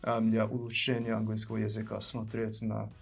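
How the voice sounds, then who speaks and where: Guy cohost, halting and slow to find words, casual chat. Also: fairly low pitch, completely flat delivery, gravelly, slightly rough. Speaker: co-host of a language-learning show. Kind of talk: casual conversation.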